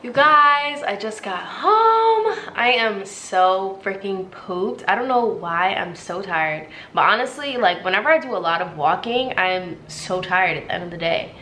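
A woman's voice: on the low side, a bit bright. A young woman vlogging from her home in a chatty, sassy way, putting on a British accent. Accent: put-on British. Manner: chatty, sassy, slow and drawn out. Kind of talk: casual vlog chat. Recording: roomy echo, faint room noise.

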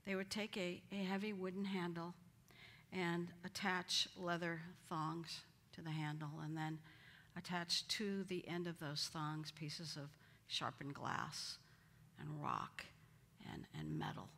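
A woman's voice: lowish voice, takes it slowly, fairly bright tone. A woman teaching a Bible study, acting out the quoted lines with dramatic emphasis. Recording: hall reverb.

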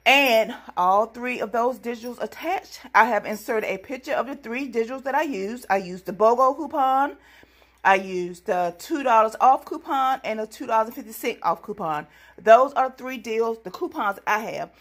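Chatty woman vlogger, slightly high voice, excitable and talking straight to her viewers. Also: moderate pace. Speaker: couponing vlogger. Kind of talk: casual deal-hunting vlog.

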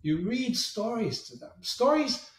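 With a very high voice and a measured pace, a middle-aged marketing agency president guests on an interview, spinning business anecdotes and animatedly voicing the characters he quotes. The sound echoes, as the mic sits far from him in the room.

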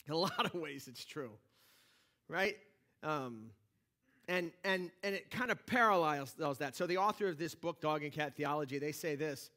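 A man's voice: on the high side, pushed and bright. A man preaching a sermon as pastor in a church, talking conversationally with lots of restarts and rising energy. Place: church sanctuary.

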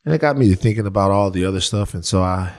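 Male podcast co-host, low voice, playful casual banter. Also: lively intonation, quick pace. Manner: playful, sings his own jingles loudly. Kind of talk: casual chat.

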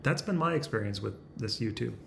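A man's voice: mid-range voice, lively intonation, fairly quick, vocal fry, a bit bright, a little hiss or hum. A man vlogging to camera at home, casual and self-conscious, joking and laughing often. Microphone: camera facing him.

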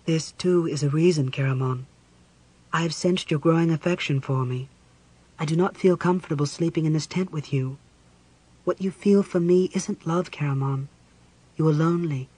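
A man voicing a calm, dignified cleric woman. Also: on the high side, breathy edge, pitched above the performer's own voice. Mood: earnest. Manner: measured, formal.

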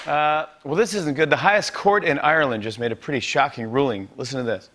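A man's voice: on the high side, a little fast, fairly bright tone. A man in his forties hosting a late-night show, delivering a joking monologue and laughing at his own jokes. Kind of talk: comedy monologue.

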